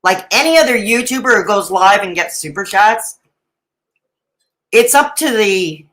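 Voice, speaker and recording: A woman's voice: mid-range voice, animated, a little slow, pauses often, a bit bright, rough recording. A middle-aged woman doing live reaction commentary, sarcastic and mocking, with dramatic asides and laughs. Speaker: reaction streamer.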